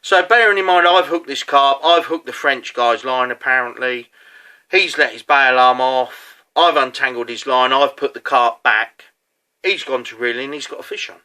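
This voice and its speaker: A man with a very bright, forceful voice tells a match story in casual fashion. He rambles a little, dropping fillers and asides as he goes, and never sounds scripted. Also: mid-range voice, moderate pace. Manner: chatty, with many fillers and asides. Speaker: competitive angler.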